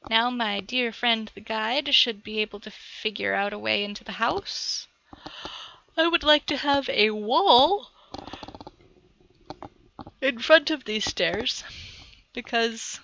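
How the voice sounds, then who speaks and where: Woman walking thru a game tutorial, bit high voice, rambly and chatty, dull lo-fi sound. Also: gravelly, sharp tone, slight background noise. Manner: chatty, self-narrating, talks aside to her cat. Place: at home at a computer.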